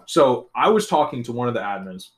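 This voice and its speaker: Young dude rattling off a story, cussing, quick, acts out everyone's lines. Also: male voice, mid-range voice, echoey room. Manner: profane, animated, acts out quotes in shifting voices. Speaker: storyteller in casual chat. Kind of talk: casual chat.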